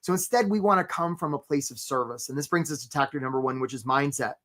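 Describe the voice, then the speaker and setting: A man's voice: mid-range voice, fast, a bit bright. A man hosting a live career webinar, talking in an upbeat, conversational way, greeting attendees by name and often asking "right?". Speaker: webinar host and career coach.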